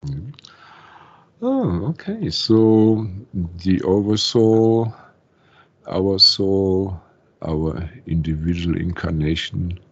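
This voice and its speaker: A man's voice: deep voice, lively intonation, very slow, slightly rough, lo-fi sound. A man hosting a channeling session, asking questions in an easygoing way. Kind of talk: casual interview.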